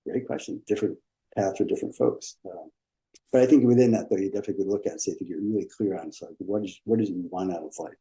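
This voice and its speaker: A man's voice: sits low, quick pace, mellow, rough recording. A man, a dentist and business coach, talking as a podcast guest in a rambling, repetitive, encouraging way. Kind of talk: casual interview conversation.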